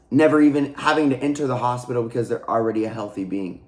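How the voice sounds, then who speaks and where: Speaking fast at a middle pitch with a darkish tone, a spiritual coach and channel host gives an unscripted, casual teaching to camera. He is earnest and repetitive, keeps restarting sentences, and addresses his audience as guys, his voice ringing in a noticeably echoey room.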